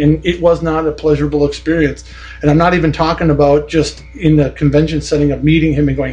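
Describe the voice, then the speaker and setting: Man, slightly high voice, blunt, swearing, indignant storyteller, casual podcast rant, faint music underneath. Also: fairly even intonation, normal speed, low-quality recording. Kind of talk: casual ranting anecdote.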